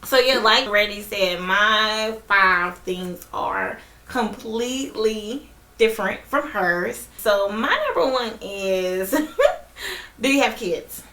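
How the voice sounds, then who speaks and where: A woman's voice: mid-range voice, animated, slow pace, pushed and bright, reverberant. A woman co-hosting a podcast, talking in a playful, joking way with frequent giggles. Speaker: podcast co-host. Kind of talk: casual podcast chat.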